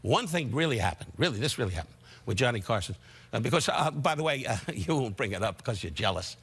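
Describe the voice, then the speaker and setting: An older comedian appears as a talk show guest, brashly telling rambling comic stories with restarts and teasing the host. He talks very fast and is very animated, with a medium-pitched, fairly bright, slightly rough voice.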